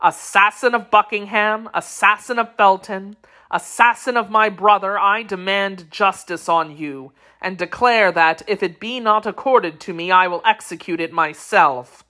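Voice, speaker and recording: A woman's voice: mid-range voice, unhurried, pushed and bright. A woman reading the part of a vengeful English lord in an audiobook, making a firm, formal demand.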